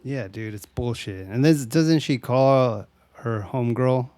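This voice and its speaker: A man's voice: medium pitch, measured pace, warm tone, dry recording. Casting: man co-host, slangy laid-back recap, dry close sound. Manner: slangy, laughs often, says dude. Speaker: podcast co-host. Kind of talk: casual movie recap chat.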